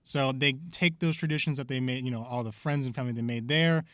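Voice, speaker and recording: A man's voice: mid-range voice, fast talker, fairly bright tone, no echo. A man co-hosting a podcast, talking in a rambling, thoughtful way with lots of fillers. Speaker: podcast co-host. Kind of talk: casual podcast discussion.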